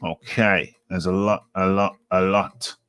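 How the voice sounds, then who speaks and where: A man's voice: deep voice, flat delivery, a little slow, a bit bright, clear, resonant tone, dry recording. A man hosting a live boxing talk show, rambling casually and repeating himself as he reads comments. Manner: rambling, self-correcting, repeats phrases. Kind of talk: casual live-stream chat.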